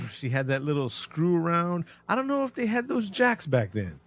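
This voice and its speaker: A man co-hosting a casual podcast about a film, retelling scenes with animated storytelling and acted-out quotes. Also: a little high, moderate pace. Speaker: podcast co-host.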